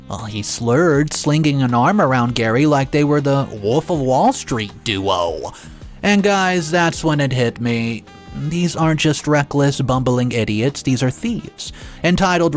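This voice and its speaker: A man narrating a dramatic first-person story in a sarcastic, exasperated and animated way. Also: mid-range voice.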